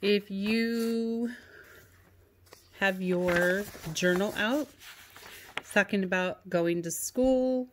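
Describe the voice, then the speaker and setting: A woman's voice: medium pitch, very slow, long pauses, noisy background. Patient woman teaching a video lesson. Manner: patient, sing-song reading of example sentences. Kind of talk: remote class lesson to young students.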